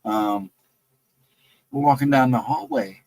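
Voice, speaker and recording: A man's voice: medium pitch, slow pace, a little mellow, rough recording. A man casually recounting his own ghost encounters in a rambling, self-correcting way. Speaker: guest storyteller.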